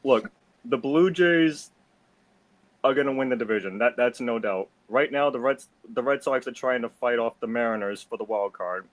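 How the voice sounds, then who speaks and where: A man's voice: medium pitch, normal speed, dry recording. A man from Massachusetts on a casual sports talk stream, giving blunt predictions and stumbling over repeated words. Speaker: guest panelist.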